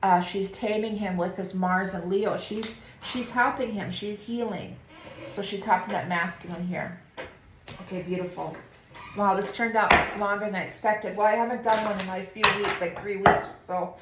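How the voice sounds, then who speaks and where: A woman tarot reader talking through a spiritual reading in a soft, meandering way, with many pauses and fillers. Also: medium pitch, steady tone, noisy background. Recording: roomy echo with faint ambience.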